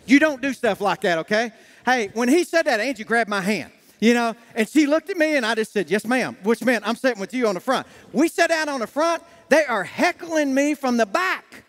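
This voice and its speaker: High-voiced pastor in an echoing church. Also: male voice, lively intonation, fairly quick, fairly bright tone. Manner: folksy storytelling, acts out quoted dialogue. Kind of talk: sermon. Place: church sanctuary. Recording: long church hall reverb.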